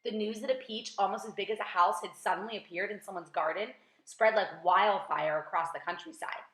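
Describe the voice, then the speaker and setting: A woman teacher reading a children's book aloud with lively, expressive storytelling. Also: mid-range voice, brisk. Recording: roomy echo.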